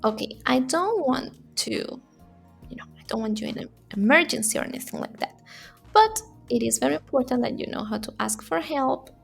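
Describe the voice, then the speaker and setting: Woman, Spanish teacher on a casual video lesson; high, husky, a little gravelly; repeats phrases slowly for learners; soft music under the voice. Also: lively intonation.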